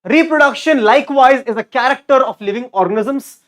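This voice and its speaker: A male teacher giving a lively online exam-prep lecture. He repeats key words and keeps quizzing his students. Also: very high-pitched, fairly quick. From India.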